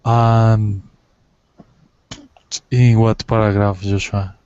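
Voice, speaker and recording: A man's voice: on the low side, flat delivery, very slow, a little mellow, clear, resonant tone, lo-fi sound. A male student in an online class, answering hesitantly. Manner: hesitant, unsure replies.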